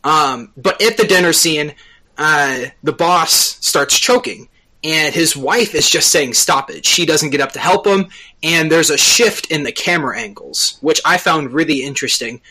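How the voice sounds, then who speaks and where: A man co-hosting a podcast, recapping a TV episode at length in casual chat, often pausing on filler sounds. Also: a little high, sharp tone, rough recording. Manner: explains at length with frequent uh fillers. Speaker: podcast co-host.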